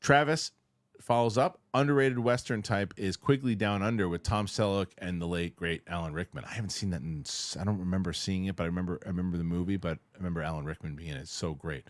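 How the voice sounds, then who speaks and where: Male host reading fan comments, casual and chatty, lowish voice, dry studio mic. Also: fast, no room sound. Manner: reads comments aloud, chatty and animated. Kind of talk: casual panel chat.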